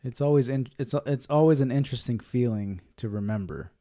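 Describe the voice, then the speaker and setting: A man's voice: mid-range voice, brisk, dark tone. A man hosting a podcast, asking questions in an easygoing, friendly way. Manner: friendly, asks questions, says "man" a lot. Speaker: podcast host. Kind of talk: casual interview.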